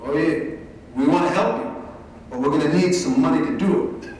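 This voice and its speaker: A man voicing a smooth-talking male people smuggler who coaxes and hushes, read in a large event hall. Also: on the high side, moderate pace, lightly acted. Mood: hushed. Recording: echoey hall, mic from far off.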